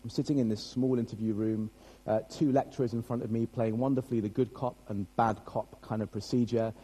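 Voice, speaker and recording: A man's voice: mid-range voice, fairly even intonation, a little fast, dark tone, husky, low-quality recording. A young British man preaching a sermon as pastor, chatty and self-deprecating, joking with his congregation.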